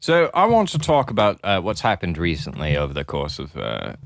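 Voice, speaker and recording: A man's voice: deep voice, huge pitch swings, brisk, creaky, dry recording, clean studio sound. A man co-hosting an improvised comedy chat, playfully staying in character as a backward commoner. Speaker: podcast co-host.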